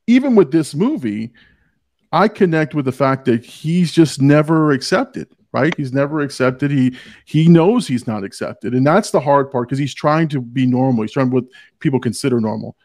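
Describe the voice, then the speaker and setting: A man's voice: medium pitch, animated, moderate pace, darkish tone, no room sound, studio quality. A man hosting a podcast, talking earnestly in casual chat and often restarting as he tells personal stories. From Hispanic family background. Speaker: podcast host.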